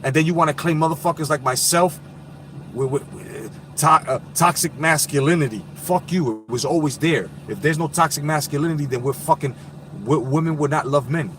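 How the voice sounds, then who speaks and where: A man's voice: a little high, a little fast, fairly bright tone, a little hiss or hum. A man in his thirties of Puerto Rican heritage hosting a casual live stream, talking bluntly and profanely in streetwise slang. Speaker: boxing live-stream host.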